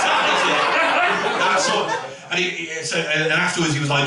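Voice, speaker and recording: A man doing a stand-up comedy set, animated and swearing freely as he acts out the people in his stories. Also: on the high side, moderate pace. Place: comedy club stage. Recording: echoey room, mic at a distance, audience noise. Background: audience laughter.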